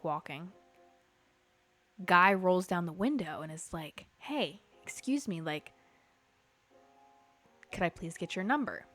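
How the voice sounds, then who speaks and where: A young woman hosting a podcast, telling a story in casual chat, animated, full of fillers and swearing. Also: on the low side. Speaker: podcast host. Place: Los Angeles.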